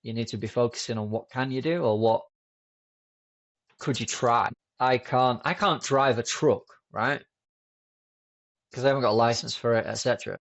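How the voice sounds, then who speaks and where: A man as a podcast guest, chatting in a relaxed, rambling way with many fillers and restarts. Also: medium pitch, normal speed, long pauses, highs cut off. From United Kingdom. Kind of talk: casual conversational storytelling.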